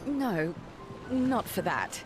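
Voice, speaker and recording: A slow, brash stylist. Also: female voice, medium pitch, sing-song. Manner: brash, teasing. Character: brash woman, stylist and drinker. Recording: game audio with music underneath.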